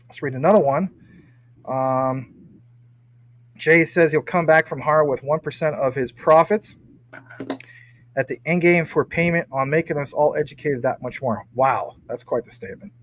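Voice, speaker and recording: A man's voice: on the high side, normal speed, pauses often, slight background noise, poor audio. A man hosting a casual livestream, reading viewer comments and teasing his guest playfully. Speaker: livestream host.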